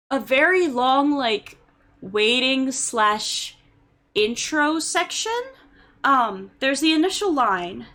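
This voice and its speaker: A young woman streamer chatting casually with viewers, telling stories with lots of fillers and getting loud and exasperated when she rants. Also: on the high side. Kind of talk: casual chat.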